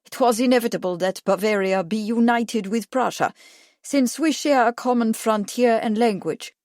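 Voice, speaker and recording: A woman's voice: fairly high pitch, normal speed, a little mellow, no echo, studio quality, lightly acted. A woman reading a suave aristocratic count. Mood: measured. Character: suave monocled Bavarian count, aristocratic man.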